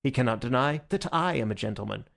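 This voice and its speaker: A man voicing a tipsy, witty young gentleman in an audiobook, with a grand, bubbling delivery. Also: mid-range voice, animated, quick pace, creaky. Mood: giddy. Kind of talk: audiobook character voice.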